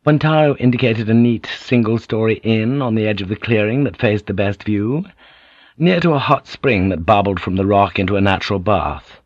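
A man reading an audiobook in steady, descriptive scripted narration. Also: lowish voice, normal speed, no echo, lo-fi sound.

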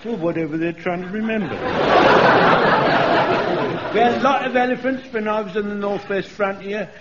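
A man's voice: high voice, fast talker, lightly acted. An actor playing an eager, rambling, over-keen old male soldier in a radio sitcom. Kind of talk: 1970s radio sitcom acting. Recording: dull old radio recording with faint hiss.

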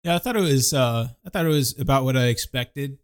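A man co-hosting a film podcast, talking haltingly with many fillers. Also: medium pitch. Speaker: podcast co-host. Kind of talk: casual chat.

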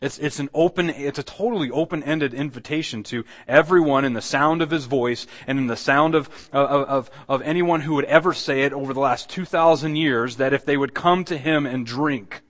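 A man's voice: mid-range voice, normal speed, hardly any pauses, a bit bright. A man preaching a sermon as pastor, conversational and earnest, asking the congregation rhetorical questions. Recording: long hall reverb.

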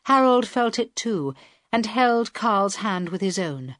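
A woman reading a story aloud as an audiobook narrator, in a deliberate, even storytelling manner. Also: medium pitch, no room sound, clean studio sound. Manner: slow, deliberate reading with quiet voiced dialogue. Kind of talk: scripted narration.

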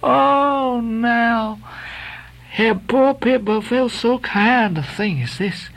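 Casual: lady doing a crazy little ship boy, high voice, slow and singsongy. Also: creaky, exaggerated voice. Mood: tender wondering. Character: young crazed ship's boy, frightened and lost.

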